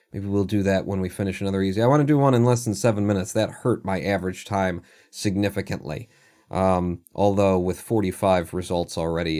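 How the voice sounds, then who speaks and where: A man's voice: low voice, darkish tone. A man live-streaming a number puzzle, thinking aloud and muttering numbers to himself with self-deprecating asides. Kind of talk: casual thinking aloud while playing a puzzle game.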